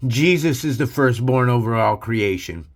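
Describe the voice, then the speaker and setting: A man's voice: medium pitch, expressive, moderate pace. Profane, preachy man ranting. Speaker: channel host. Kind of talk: ranting religious commentary.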